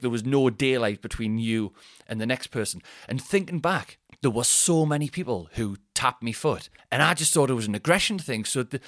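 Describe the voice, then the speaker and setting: A man's voice: mid-range voice, fairly bright tone, no echo, studio quality. A man in his thirties with a Geordie accent, telling rambling self-deprecating stories on a comedy podcast. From Newcastle, England. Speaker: podcast host and stand-up comedian. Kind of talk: casual comedic monologue.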